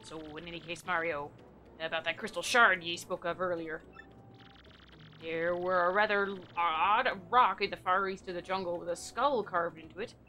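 A woman voicing a gruff old male bomb sailor in a video game, with pirate-style growls and a wavering accent. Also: on the low side, fairly even intonation, moderate pace, pushed and bright, a little hiss or hum. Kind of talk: reading game dialogue aloud in voices.

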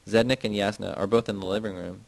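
A man reading a novel aloud in the first person, with plain, even narration. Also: lowish voice, quick pace, gravelly, no room sound, low-quality recording. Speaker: audiobook reader.

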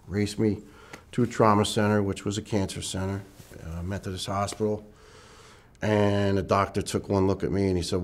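A middle-aged man with a fairly low voice recounts a hard personal story in an interview. He speaks with earnest emotion and slips into the voices of the people he quotes. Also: flat delivery, normal speed. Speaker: retired firefighter lieutenant.

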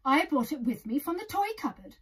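A woman voicing Pearl, a small eager wooden girl doll in a storybook, with an excited, wondering manner. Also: sits high, a little fast, voice pushed up. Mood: firm.

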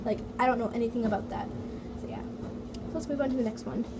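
In her home basement, a female toy vlogger reads comments quickly, her voice on the high side and her intonation fairly even, with plenty of "like" and "so yeah." The iPad mini recording is noisy, humming from the heater running nearby.

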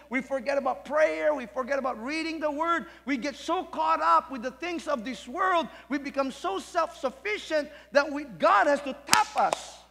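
A man's voice: extremely high pitch, creaky, bright, forceful tone. A male pastor preaching a sermon in an earnest, emphatic way and putting questions to his congregation, heard in a church hall. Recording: long reverb in a church hall.

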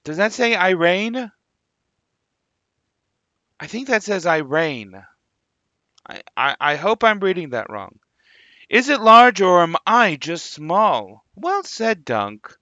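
A man's voice: high voice, very animated, takes it slowly, pauses often, sharp tone, dry recording, highs cut off. A man hosting a gaming video, chatting casually and musing aloud with jokey asides as he plays. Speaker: gaming channel host. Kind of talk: casual gameplay commentary.

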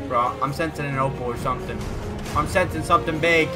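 A young man streaming a pack opening in a casual chat style, begging and groaning and then shouting at the results. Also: a little high, fairly quick, loud music behind the voice. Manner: pleading and excitable, swings from chanting to shouting to muttering.

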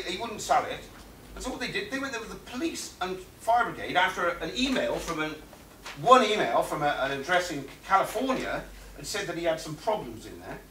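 A man giving an animated, anecdotal conference talk, acting out quotes and laughing often. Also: sits high, slight background noise. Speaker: conference speaker. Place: conference room. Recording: roomy hall audio from far off.

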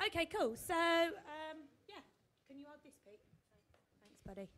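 Woman, stage poet, flustered chatty banter, swearing, high pitch. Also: lively intonation, measured pace, fairly bright tone. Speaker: performance poet. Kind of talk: stage banter before a poem. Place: live venue on stage.

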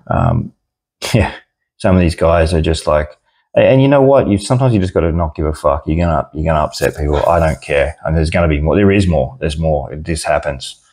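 A man's voice: rumbling low, vocal fry, a little mellow. A young Australian man ranting casually about an online argument, blunt and sweary. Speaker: card seller and channel host.

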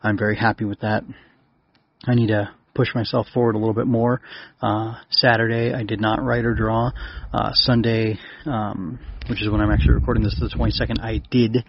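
A man's voice: fairly low pitch, level tone, brisk, creaky, breathy edge, dry recording, lo-fi sound. A man hosting his own writing podcast, talking casually in a rambling, self-correcting way and reading out his log. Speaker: podcast host and author.

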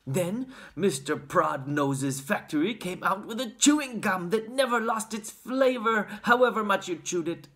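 A storyteller reading a children's book aloud with expressive, sing-song narration. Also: mid-range voice, a little slow, hardly any pauses.

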